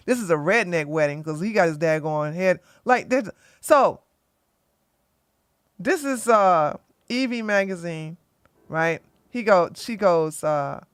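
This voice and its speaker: A woman hosting an opinionated commentary show, talking bluntly and emphatically, often tagging points with "okay?" and getting loud when she acts out arguments. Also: medium pitch, dry recording. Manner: gets loud and animated when acting out arguments. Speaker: commentary channel host.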